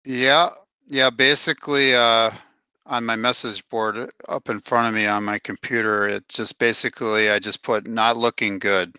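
A man's voice: fairly low pitch, steady tone, moderate pace, pushed and bright, clean tone, dry recording, muffled recording. A man co-hosting a casual sports podcast, going through stats and quotes with plenty of "uh"s. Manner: reads stats and quotes, with filler "uh"s. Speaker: podcast co-host.

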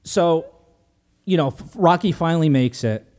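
A man casually recapping a movie as a podcast host, animated, joking and profane. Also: a little high, moderate pace. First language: Italian heritage, speaks English.

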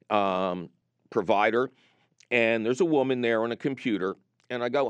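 A man's voice: fairly low pitch, a little slow, clear, resonant tone, dry recording, highs cut off. A man hosting a call-in gardening radio show from a studio, chatting casually and telling jokey stories. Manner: jokey, animated storyteller. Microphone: studio microphone.

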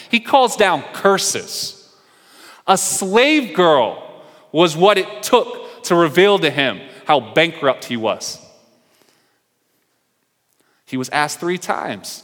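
A man's voice: a little high, animated, a little slow, fairly bright tone. A male pastor preaching a sermon, telling the story and acting out the characters' lines. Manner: storytelling preacher who acts out the characters' dialogue. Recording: long hall reverb.

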